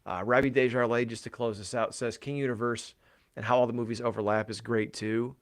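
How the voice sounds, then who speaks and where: A man's voice: medium pitch, steady tone, brisk. Rambling, profane man on a podcast. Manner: rambling, profane, lots of fillers. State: voice tired from talking all day. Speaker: podcast co-host. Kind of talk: casual podcast chat.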